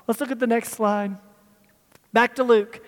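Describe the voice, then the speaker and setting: A man's voice: very high voice, steady tone, unhurried. A male pastor teaching a sermon with slides, talking conversationally and asking the people in the room. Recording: long hall reverb.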